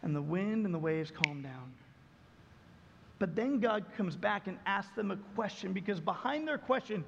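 A man with a strikingly high, gravelly voice preaches with emphatic, repetitive phrasing. His sermon rings through a church hall with a long echo, and the sound is a little dull. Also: animated, normal speed, a bit bright, slight background noise. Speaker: pastor.

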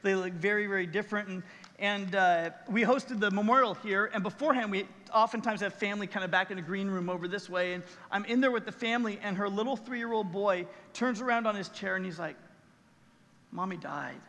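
A man's voice: high voice, fast, bright, forceful tone, in a large hall. A man preaching a sermon as pastor on a church stage, telling a story earnestly and with emotion.

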